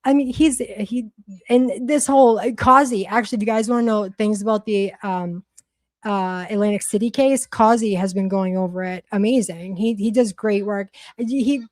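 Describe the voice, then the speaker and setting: A woman's voice: mid-range voice, normal speed, no echo. Blunt Boston woman streaming. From Massachusetts. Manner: blunt, profane, rambling with many restarts. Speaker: livestream host. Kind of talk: casual livestream chat.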